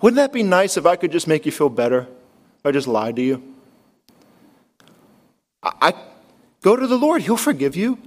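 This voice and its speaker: High-voiced man preaching earnestly. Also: big pitch swings, normal speed, pauses often. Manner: earnest, emphatic preaching with repeated phrases; drops to a low, hushed voice to quote Jesus. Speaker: pastor. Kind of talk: sermon.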